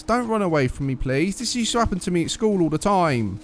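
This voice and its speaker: Young guy, cheeky and trolling, slightly high voice that bounces all over. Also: sing-song, fast, few pauses, a little hiss or hum. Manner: cheeky, joking, trolling other players. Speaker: gaming channel host. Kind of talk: casual gameplay commentary.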